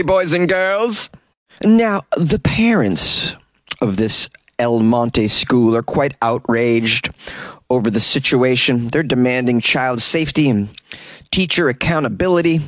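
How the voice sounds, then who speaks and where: A man's voice: medium pitch, no echo. A man hosting a comedy news podcast, reading stories and breaking in with sarcastic, mock-outraged jokes and frequent laughs. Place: small closet.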